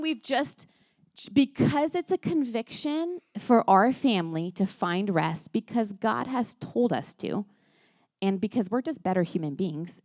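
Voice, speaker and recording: A woman, likely in her thirties, shares stories and advice with a church moms' group in a warm, rambling, earnest way, stumbling over words and restarting sentences. Her voice sits at a middle pitch. The recording is close and dry, with almost no room sound. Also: no room sound. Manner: chatty and earnest, with many restarts and laughs. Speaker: speaker at a church moms' gathering. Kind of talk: casual talk to a women's group.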